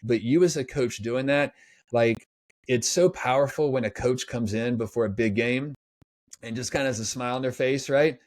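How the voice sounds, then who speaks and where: A man talking as a sports psychologist guest in a casual podcast interview, energetic and acting out pep talks. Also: medium pitch, normal speed, no room sound. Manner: energetic, acts out pep talks in quoted voices.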